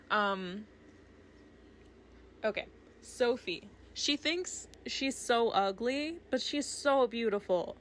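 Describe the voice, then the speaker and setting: A woman's voice: fairly high pitch, expressive, very slow, long pauses, a little hiss or hum. A young woman rambling casually about a film at her desk while drawing, gushing and chatty, with lots of fillers. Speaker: art vlogger. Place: home desk with her cat. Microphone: desk microphone.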